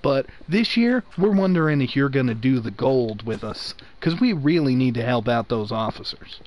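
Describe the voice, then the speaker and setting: A man doing a slow, folksy telemarketer voice with a Southern accent, coaxing people to donate over the phone. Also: mid-range voice, expressive, highs cut off, close to an everyday voice. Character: folksy drawling male charity phone caller.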